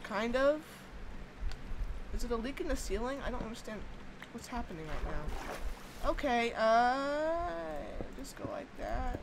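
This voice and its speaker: A young woman talks through her game in a high, very animated voice. She chats, exclaims and swears casually at what happens on screen. Faint noise sits behind her. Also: a little slow, pauses often. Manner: chatty, exclaims at the game, swears when annoyed. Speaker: gaming YouTuber. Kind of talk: casual let's-play commentary.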